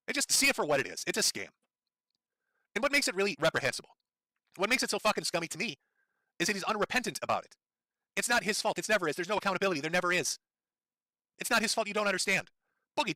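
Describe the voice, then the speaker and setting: A man ranting on a live stream, angry, profane and sarcastic, his throat strained from yelling. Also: high voice, no room sound.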